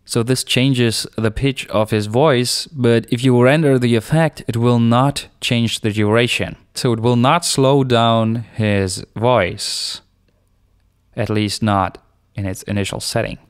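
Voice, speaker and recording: Slow, smooth-voiced man explaining software. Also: medium pitch, no room sound, studio quality. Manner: relaxed, explanatory, unscripted with fillers. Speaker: software tutorial host. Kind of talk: screencast tutorial narration.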